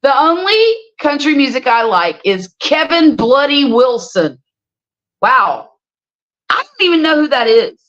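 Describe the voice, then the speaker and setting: A middle-aged woman hosting a casual livestream and telling stories with a lively, swooping voice. She reads viewer comments and exclaims freely. The sound is slightly muffled, as if from a lo-fi home stream. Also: high voice, measured pace. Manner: animated storyteller, exclaims freely. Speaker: livestream host. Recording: slightly dull lo-fi stream audio.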